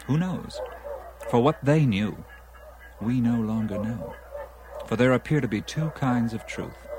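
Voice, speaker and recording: A man's voice: lowish voice, background noise. A man playing an eager dinner guest who lectures at length about ancient mysteries, often between bites of food. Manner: eager lecturing, talks while eating. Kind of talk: film dialogue.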